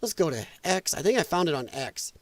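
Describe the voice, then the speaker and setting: Profane high-voiced man ranting. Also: big pitch swings, a little fast, no echo. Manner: profane, combative, sarcastic ranting; mocks opponents in put-on whiny voices. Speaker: political commentary streamer. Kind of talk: casual ranting commentary.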